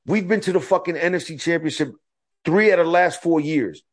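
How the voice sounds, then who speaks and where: Talking fairly quickly in a slightly high voice, this podcast co-host spins casual stories laced with swearing. He animates them by voicing the back-and-forth between people.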